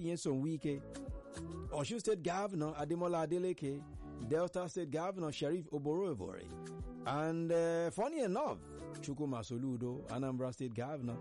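Nigerian man, talk show host, animated pitch, chatty and laughing, faint music under. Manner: chatty, laughs while telling stories, mimics others. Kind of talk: casual commentary on current affairs.

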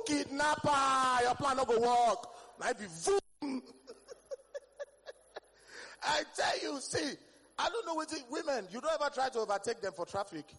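A Nigerian man with a Nigerian accent doing a stand-up comedy set, telling stories in Pidgin-flavored English with sudden bursts of shouting. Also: high-pitched, husky, long reverb tail.

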